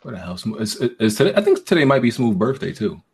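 A man's voice: medium pitch, very animated, quick pace, slightly rough. A man hosting a gaming podcast, laid-back and teasing, chatting casually with his guests. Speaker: podcast host.

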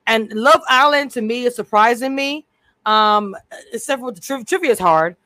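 A woman's voice: a little high, moderate pace, sharp tone, dry recording. A woman co-hosting a casual recap chat over a video call, talkative and prone to drifting off topic with many restarts. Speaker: co-host.

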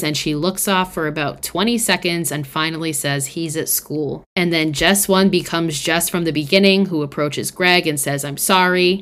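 A young woman with a low voice hosts a podcast, talking through a film's plot in a loose, casual way. She swears freely and peppers her speech with "like". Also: a bit bright. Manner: chatty, swears often, fillers like "like". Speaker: podcast host. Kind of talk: casual film recap.

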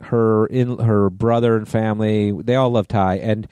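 A man's voice: fairly low pitch, fairly even intonation, a little slow, mellow, smooth, no room sound. A middle-aged man co-hosting a podcast, telling rambling stories in casual chat, full of restarts and swearing. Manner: rambling storyteller with many restarts and profanity. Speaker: podcast co-host.

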